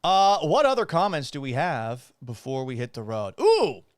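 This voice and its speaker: A man in his thirties hosting a casual sports talk show, animated and blunt, often swearing. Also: medium pitch, normal speed, clear, resonant tone, no room sound, studio quality. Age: 30s.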